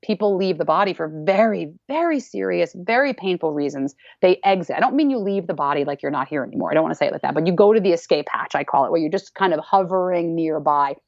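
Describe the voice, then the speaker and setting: A woman dance teacher, appearing as a podcast guest, talks fast in a casual interview with a lowish, slightly mellow, creaky voice and few pauses. She's expressive and emphatic, repeating phrases for weight and acting out other people's voices. The recording is dry, dull, and a bit lo-fi.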